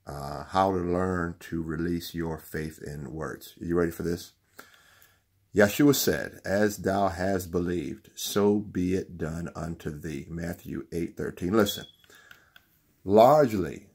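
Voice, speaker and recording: With a deep voice carrying a breathy edge, this show host and bookstore owner preaches a motivational Bible lesson. He hammers key lines through repetition and climbs to loud, emphatic peaks.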